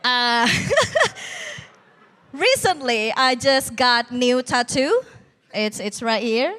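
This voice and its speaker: A woman's voice: fairly high pitch, animated, drawn-out words, pushed and bright. A young woman performing a stand-up comedy routine on a TV competition stage, with a bold, teasing, self-mocking delivery.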